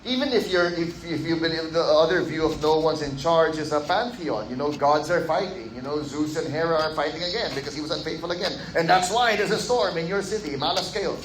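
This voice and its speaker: A man's voice: on the high side, a little fast, hardly any pauses, a little hiss or hum. A man with a Filipino accent preaching a sermon as pastor, switching between English and Tagalog asides and acting out quoted voices. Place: church sanctuary. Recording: echoey hall with faint ambience.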